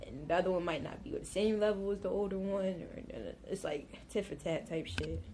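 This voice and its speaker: A woman's voice: on the low side, brisk, dark tone, slight background noise. A woman being interviewed in a casual, candid chat. She drags out her words and has a slight lisp. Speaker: interview guest.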